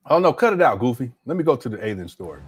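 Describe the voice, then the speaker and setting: A man's voice: mid-range voice, sing-song, racing, slight background noise. A middle-aged man hosting casual reaction commentary, laughing often and mocking what he plays. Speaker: commentary host.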